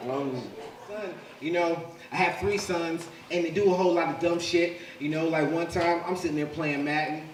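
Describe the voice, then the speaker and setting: High-voiced forties guy doing stand-up, swearing a lot, roomy club mic, kinda far off. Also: fairly even intonation, normal speed, background noise. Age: 40s. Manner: profane, loud punchy delivery with frequent "you know what I'm saying". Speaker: stand-up comedian. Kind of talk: live stand-up set. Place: comedy club stage with audience laughing. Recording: roomy live club sound from a distance.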